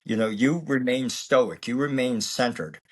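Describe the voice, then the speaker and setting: A man who is a martial arts actor and instructor, speaking in a calm, reflective, philosophical way during a casual interview. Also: medium pitch, measured pace.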